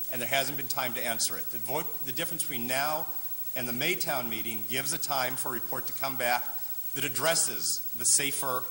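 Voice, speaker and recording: A man's voice: medium pitch, sharp tone. A man speaking at a public meeting, persuasive and arguing point by point from a floor microphone. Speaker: resident speaking at town meeting. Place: large meeting hall. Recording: echoey hall, faint hiss.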